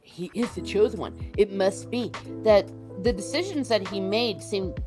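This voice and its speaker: Woman, interview guest, opinionated, animated, acts out quotes, mid-range pitch, faint music behind. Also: normal speed. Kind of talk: casual opinion chat.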